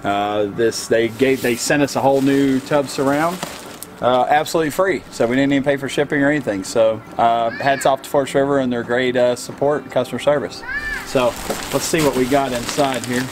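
A man's voice: medium pitch, steady tone, a little fast, slight background noise. A man co-hosting a casual do-it-yourself vlog, talking in an easygoing, hesitant way with many fillers. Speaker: vlog co-host. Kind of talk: casual how-to chat.

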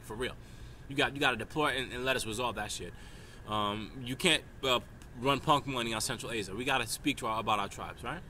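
Casting: man from New York, bright tense voice, rambling emphatic monologue, faint traffic behind. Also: medium pitch. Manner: stream-of-consciousness, emphatic, repeats "right?". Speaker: vlogger.

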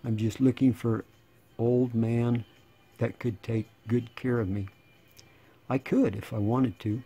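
A man in his sixties, rambling and sarcastic in a casual monologue, slightly hoarse. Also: medium pitch, fairly even intonation, takes it slowly, dark tone. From United States. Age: 60s. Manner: sarcastic, rambling, laughing between lines. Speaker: channel host.

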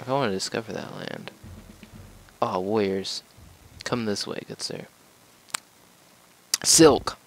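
A man's voice: lowish voice, steady tone, a little slow, pauses often, a little hiss or hum, rough recording. A man giving casual gameplay commentary as a let's play gamer, joking, rambling and talking to the game as he plays.

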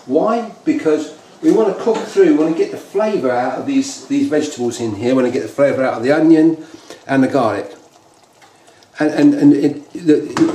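A man's voice: fairly high pitch, dark tone. A British man hosting a casual home cooking demonstration, rambling and repeating himself as he explains a recipe. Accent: British English. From United Kingdom. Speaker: home cook host. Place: home kitchen. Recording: echoey kitchen with faint noise.

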